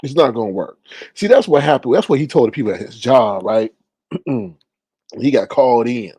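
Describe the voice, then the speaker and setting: A man's voice: mid-range voice, lively intonation, moderate pace, mellow, breathy edge, no room sound. A man hosting a casual livestream, ranting with exasperation, often sighing and talking straight to his viewers. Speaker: livestream commentary host.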